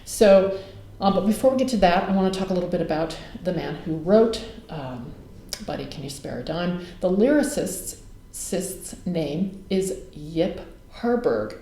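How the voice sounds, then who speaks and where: Woman teacher, lower and mellow in tone, lecturing casually on camera with lots of ums; roomy home echo. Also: measured pace. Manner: relaxed, frequent ums and uhs. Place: home music room. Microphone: camera mic.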